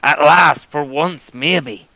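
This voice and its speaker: Bright-voiced man trash-talking rivals. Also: a little high, slow pace, no room sound, low-quality recording. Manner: taunting and mocking, swearing often. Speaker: wrestler cutting a promo. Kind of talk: trash-talking wrestling promo.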